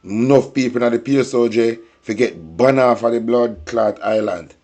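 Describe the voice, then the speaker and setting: A man's voice: mid-range voice, steady tone, normal speed, warm tone. A man with a Jamaican accent hosting a political commentary show, ranting in heated, profane patois-laced talk.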